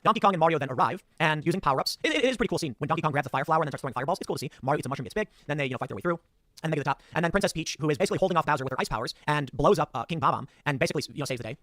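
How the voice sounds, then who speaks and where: A man's voice: on the high side, lively intonation, very fast, a bit bright, dry recording, studio quality. A man recapping a movie's plot in a critical, opinionated commentary video.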